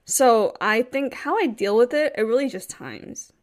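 A woman's voice: on the high side, animated, unhurried, darkish tone. A young woman from Taiwan telling a long personal story in casual chat, full of restarts and fillers.

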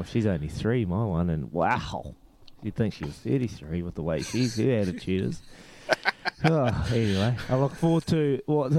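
A man in his thirties with a New Zealand accent, hosting a casual chat and telling animated stories with frequent laughter. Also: lowish voice, slight background noise. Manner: laughs often, animated storytelling.

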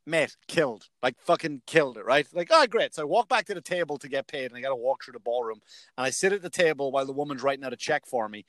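A man's voice: medium pitch, quick pace, fairly bright tone, no room sound. Man telling comedy-club stories, dry sound. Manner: storytelling, swears freely, acts out other people's lines. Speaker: stand-up comedian. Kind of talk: casual chat, telling stories.

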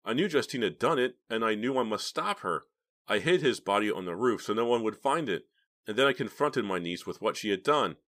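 A man's voice: lowish voice, expressive, brisk, a bit bright, pitched above the performer's own voice. Man voicing a guilt-ridden ailing old uncle. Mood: pleading. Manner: pleading, breaking into sobs. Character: ill older man, grieving guilty uncle.

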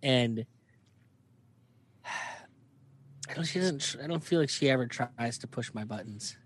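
A man's voice: medium pitch, slow pace, husky. Blunt, logical man in casual chat.

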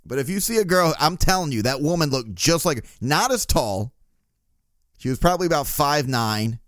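A man's voice: a little high, animated, normal speed, a bit bright, no room sound, clean studio sound. A male podcast host telling a profane, laugh-filled anecdote in a casual storytelling style.

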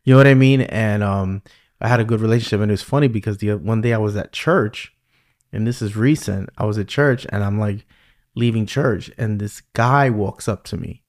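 Middle-aged New York man, podcast host; low and gravelly, chatty and animated. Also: normal speed. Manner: animated storyteller, many "you know what I mean". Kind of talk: casual conversational interview.

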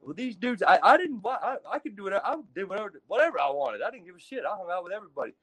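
A man with a high-pitched voice from Texas spins rough prison stories, swearing freely and acting out each character. The sound is dry and close, with no room around it. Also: rapid-fire, dry recording. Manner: profane, animated storyteller acting out other inmates. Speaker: guest telling prison stories. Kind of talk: casual storytelling.

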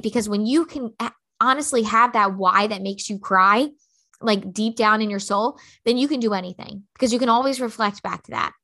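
A woman's voice: mid-range voice, pushed and bright. A woman in her thirties hosting a motivational podcast, talking bluntly and emphatically with lots of fillers. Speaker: podcast host.

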